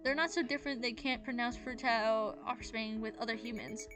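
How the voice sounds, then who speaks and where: A woman's voice: high-pitched, animated, brisk, voice pushed up. A woman playing a goofy clowning teen girl. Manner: goofy, joking. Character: playful clowning teenage girl. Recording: game music behind.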